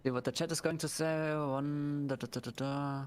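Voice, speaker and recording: A man co-commenting a live stream and keeping score, laid-back and halting with fillers. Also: fairly high pitch, steady tone, smooth.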